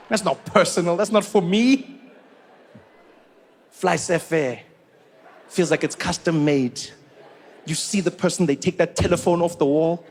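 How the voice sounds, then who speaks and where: A man doing animated stand-up comedy, acting out characters and firing incredulous questions. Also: a little high, measured pace, pauses often, slight background noise.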